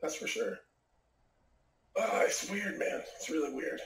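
A man's voice: high-pitched, animated, measured pace, gravelly, a bit bright, a little hiss or hum. A middle-aged man, a professional fighter, tells a personal story in a casual interview and rambles with many fillers. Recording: echoey room.

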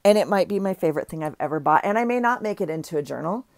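A woman's voice: fairly low pitch, expressive, racing, darkish tone, no room sound. A middle-aged woman gushing over craft finds in a rambling, casual haul chat, often breaking off mid-sentence. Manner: gushing, rambling, self-interrupting. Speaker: craft vlogger.

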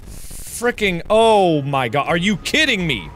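A man commenting on a video game as he plays it, loud and exasperated, swearing freely and breaking into sudden yells. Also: high voice, big pitch swings, slow pace, faint music behind. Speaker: let's play host.

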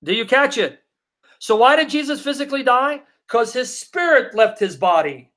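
A man's voice: extremely high pitch, sing-song, pushed and bright. A man teaching the Bible on a live Q&A stream, reading scripture aloud and answering viewer comments, emphatic and repeating his questions to drive each point home. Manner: reads scripture aloud in a slow, deliberate cadence.

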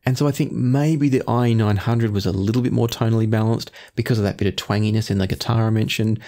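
A man reviewing earphones in measured talk, often qualifying his claims. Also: fairly low pitch, darkish tone. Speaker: audio gear reviewer.

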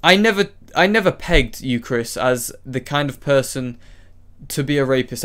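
A man delivering an angry, profane vlog rant straight to one person, stacking repeated insults with brief apologetic asides. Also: mid-range voice. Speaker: vlogger. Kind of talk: angry ranting monologue addressed to one person.

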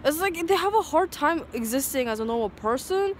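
A woman's voice: high voice, expressive, fairly quick, a little hiss or hum. A woman in a casual, rambling monologue, heated and profane.

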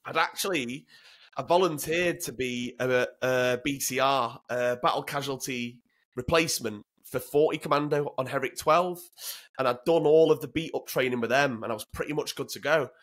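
A man's voice: medium pitch, normal speed, fairly bright tone. A man, telling frank, swear-laden stories as an interview guest, often repeating words as he starts. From Northern England. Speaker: guest, former commando. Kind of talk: casual interview storytelling.

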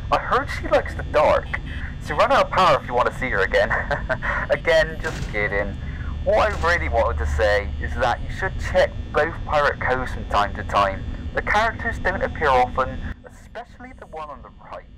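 A man's voice: mid-range voice, big pitch swings, moderate pace, noisy background, lightly acted. A man voicing a teasing night-shift phone guide in a fan-made horror game, joking and confiding on a phone message.

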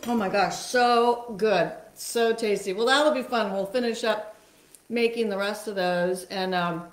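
A woman's voice: mid-range voice, unhurried. A woman hosting a casual live cooking chat in her home kitchen, chatty and bubbly. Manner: chatty, bubbly, laughs often. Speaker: host. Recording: echoey kitchen.

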